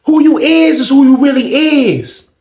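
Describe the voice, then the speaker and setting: A man voicing a brash young male inmate who shouts and mocks, repeating his taunts. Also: very high voice, unhurried, voice pushed up. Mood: taunting. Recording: roomy echoey room.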